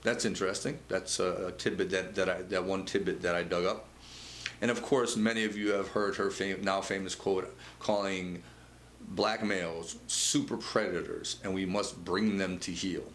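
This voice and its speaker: A man with a lowish voice hosts a commentary monologue in an echoey room, with a faint hiss of noise underneath. He talks loosely and conversationally, often stumbling and restarting his phrases. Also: steady tone, normal speed, fairly bright tone. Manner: conversational, with frequent stammered restarts. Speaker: show host.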